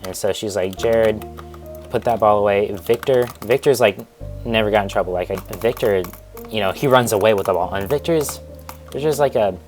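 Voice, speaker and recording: Over soft background music, a young man with a lowish voice tells a rambling school story for his storytime vlog at a fairly quick clip. He digresses, interrupts himself, and restarts often.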